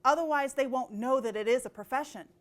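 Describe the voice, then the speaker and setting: High-voiced woman giving a keynote. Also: fairly quick. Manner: animated, acts out quoted voices. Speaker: conference speaker. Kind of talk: storytelling keynote talk.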